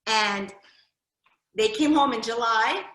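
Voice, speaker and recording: Woman, storyteller, bright forceful voice, lively, echoey room. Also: a little high, slow. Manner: lively, animated, voices her grandfather's accented jokes. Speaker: storyteller giving a library talk. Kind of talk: family history storytelling. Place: library event room.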